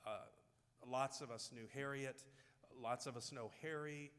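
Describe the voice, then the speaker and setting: Guy preaching a heartfelt sermon, middle pitch, big echo from the church. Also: steady tone, measured pace, a bit bright. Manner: heartfelt storytelling with restarts. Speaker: pastor.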